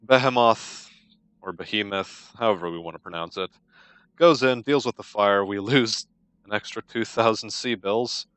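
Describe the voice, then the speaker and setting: A low-pitched young man talks through his game in a casual let's-play style, meeting every setback with dry, wry understatement. His voice is smooth and resonant, recorded close in a dead, dry space. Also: moderate pace, fairly bright tone, no room sound. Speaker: game commentator.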